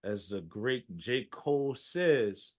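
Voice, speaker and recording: A man co-hosting a casual movie review chat, backing up his partner with quick agreement, jokes and quoted lines. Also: mid-range voice, lively intonation. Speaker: podcast co-host.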